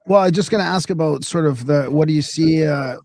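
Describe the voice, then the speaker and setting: A man's voice: fairly high pitch, fast, a little mellow. A man hosting a podcast interview, asking questions in a hesitant way with many fillers. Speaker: podcast host. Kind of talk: conversational interview.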